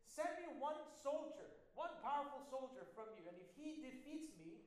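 A man's voice: extremely high pitch, expressive, normal speed, very echoey, distant mic, pitched above the performer's own voice. A man voicing a boastful giant warrior who jeers at an enemy army and dares them to send a fighter. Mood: taunting. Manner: taunting, jeering.

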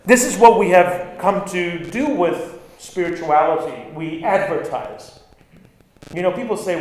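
A male pastor preaching an animated sermon, stressing lines and acting out quoted words. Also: a little high, normal speed. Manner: animated, acts out quotes with bursts of emphasis. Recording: very echoey room.

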